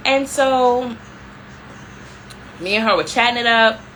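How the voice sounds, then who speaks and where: Bright, animated young woman vlogger. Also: fairly high pitch, slight background noise, rough recording. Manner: animated, peppered with "like", addresses viewers as y'all. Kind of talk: casual storytelling chat.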